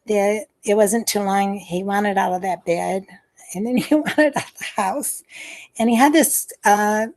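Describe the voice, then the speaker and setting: Here a former nurse, now older, reminisces for an interviewer on a video call. Her voice sits at a medium pitch with a gravelly texture, and she comes across as hesitant, restarting and filling gaps constantly while sighing softly.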